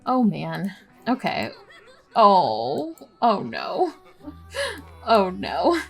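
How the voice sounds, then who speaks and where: A young woman talks through her gameplay in a chatty, easygoing way, her pitch sitting mid-range. She giggles and groans along with the story. Soft game music plays faintly behind her. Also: huge pitch swings, very slow, vocal fry, husky. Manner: chatty, giggly, narrates drama with dismay. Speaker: let's play host. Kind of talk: casual gameplay commentary.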